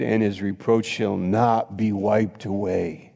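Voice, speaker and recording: Male pastor, gravelly, preaching emphatically in a reverberant church hall. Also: on the low side, fairly even intonation, takes it slowly. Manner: emphatic preaching with sudden loud rises and repetition. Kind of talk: sermon.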